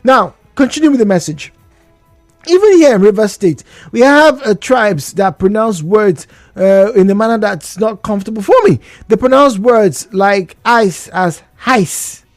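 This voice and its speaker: A Nigerian man hosts a call-in radio talk show, his voice rising and falling in a lively, expressive way. He chats with the audience and keeps asking rhetorical questions. The studio microphone gives a dry, close sound. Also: high-pitched, moderate pace, dry recording, soft background music. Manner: chatty, rhetorical questions, laughs between points. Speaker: radio host.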